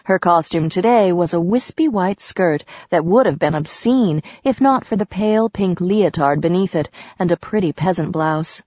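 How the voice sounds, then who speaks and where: Woman narrating with a low, dull sound. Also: moderate pace, hardly any pauses, darkish tone, no echo. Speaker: audiobook narrator. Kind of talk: scripted narration.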